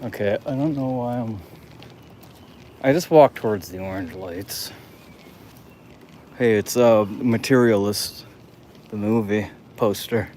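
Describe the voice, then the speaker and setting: A man's voice: fairly low pitch, slow pace, pauses often, mellow, a little hiss or hum. A man chatting loosely while he walks city streets at night on a live stream, rambling, laughing and swearing often. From United States. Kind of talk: casual walking livestream chat.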